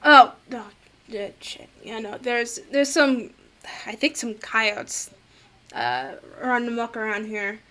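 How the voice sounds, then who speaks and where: A woman voicing a gruff, crude, middle-aged male small-town cop who swears and grumbles. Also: on the high side, animated, slow pace, pushed and bright, heavily acted. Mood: explaining.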